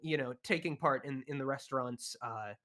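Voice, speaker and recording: A man runs a tabletop game, describing the scene in a bright, forward voice. He narrates haltingly, stopping often on fillers and restarting his phrases. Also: medium pitch. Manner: hesitant, many fillers and restarts. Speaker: dungeon master.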